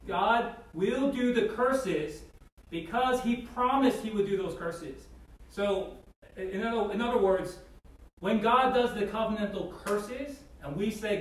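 A man's voice: high-pitched, measured pace. A man giving a casual Bible teaching, talking conversationally with many "like" and "right?" asides. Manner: acts out voices in quotes. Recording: very echoey room, distant mic, faint noise.

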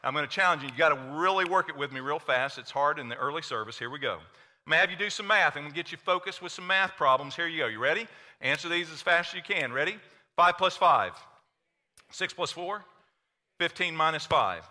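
A man with an Oklahoma accent preaching a sermon to a church congregation, energetic and playful, quizzing the crowd. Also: a little high, a little fast. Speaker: pastor. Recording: long hall reverb.

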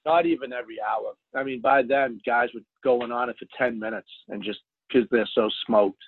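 A man, a fishing charter captain, telling a story in a casual interview, animated and loud at the high points. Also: moderate pace, creaky, slightly rough. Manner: animated, jumps to loud exclaims when retelling. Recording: dry tinny phone line.

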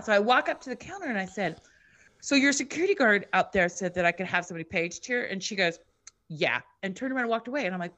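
A woman's voice: mid-range voice, fast. A woman telling a story in casual chat, swearing and acting out the quoted lines of everyone in it. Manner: animated, swears, acts out quotes.

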